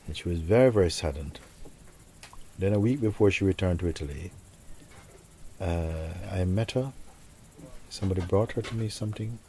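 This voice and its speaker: Soft-spoken man, low and dark. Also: moderate pace, pauses often, slight background noise. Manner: reflective, soft-spoken, often sinks to near a whisper. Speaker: spiritual teacher. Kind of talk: storytelling talk to listeners.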